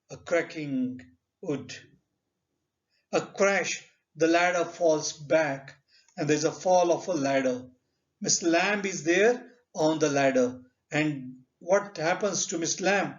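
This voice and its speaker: Indian english guy teaching lit, slow careful talk, lots of rhetorical questions, muffled lo-fi audio. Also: a little high. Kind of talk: literature lesson. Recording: dull lo-fi recording.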